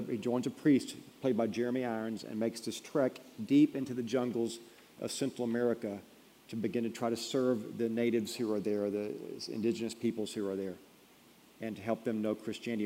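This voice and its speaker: A man preaching a sermon in a mellow, dark voice, building to loud emphatic peaks before falling to a hush. His voice rings out through a large hall with a long reverb tail. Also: fairly low pitch, level tone, brisk. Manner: storytelling, building to emphatic peaks then dropping quiet. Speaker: pastor.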